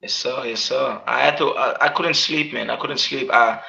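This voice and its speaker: A man's voice: mid-range voice, moderate pace, creaky, bright, forceful tone. A man being interviewed as an MMA fighter, talking earnestly and casually, repeating his words and often adding "man". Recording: dull, lo-fi sound.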